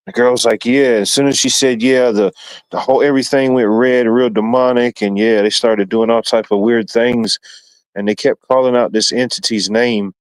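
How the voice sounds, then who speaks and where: A man telling a story in a casual group chat, relaxed and hesitant, with many pauses and fillers. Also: mid-range voice, clean tone, no room sound, poor audio.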